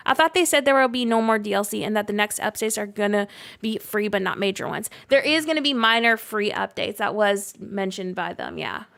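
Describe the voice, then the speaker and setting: A woman's voice: medium pitch, creaky, fairly bright tone. Chatty woman with a Canadian-Southern accent. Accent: mixed Canadian and Southern US. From near Canada. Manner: chatty, reads chat aloud, frequent likes and laughs. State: recovering from illness. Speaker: streamer. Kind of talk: casual chat while gaming. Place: home.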